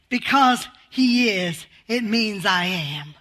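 An older woman preaching a fervent sermon, calling out hallelujah often and swinging between loud exclamations and quiet, slower teaching. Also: fairly high pitch, lively intonation, a little hiss or hum.

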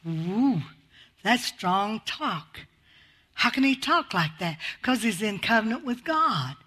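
Fervent older woman preacher, bright voice. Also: medium pitch, sing-song, takes it slowly, husky. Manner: fervent, exclaims hallelujah often, swings from loud to quiet. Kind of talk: sermon.

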